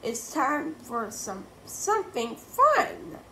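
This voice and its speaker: A woman's voice: high voice, wildly swooping pitch, slow, pitched above the performer's own voice, full character voice. A woman voicing a stern, grumpy female teacher close to retirement, barking orders at her class. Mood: snappy. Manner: bossy, shouting orders at the class. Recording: roomy echo, faint noise.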